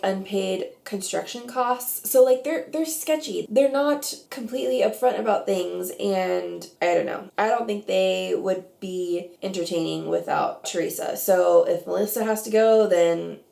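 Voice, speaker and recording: A woman in a casual reaction vlog, chatting her opinions and saying "like" constantly. Her voice is dark and gravelly with plenty of fry. The room around her sounds echoey. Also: medium pitch. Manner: chatty, opinionated, heavy use of "like". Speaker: reality TV commentator.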